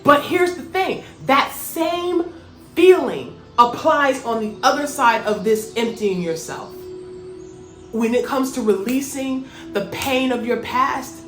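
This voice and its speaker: A woman's voice: sits high, animated, takes it slowly, fairly bright tone. A woman hosting a motivational spiritual talk, earnest and emphatic with repeated phrases. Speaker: host. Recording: echoey room, faint music.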